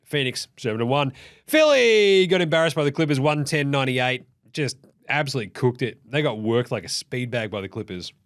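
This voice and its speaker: Sweary excitable Australian man. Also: mid-range voice, a little fast, dry recording, studio quality. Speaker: host. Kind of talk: casual sports recap.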